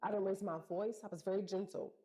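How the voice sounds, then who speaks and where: A woman with a dark, mellow voice at a middle pitch tells a personal story in casual chat. She speaks in relaxed slang and acts out what people said. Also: quick pace, low-quality recording. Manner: animated, slangy retelling with acted-out quotes. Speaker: co-host telling a story.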